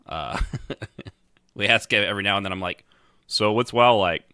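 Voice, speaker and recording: A man's voice: fairly low pitch, moderate pace, bright, forceful tone, smooth, dry recording, studio quality. A man co-hosting a podcast in casual chat, joking and sarcastic, laughing often. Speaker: podcast co-host.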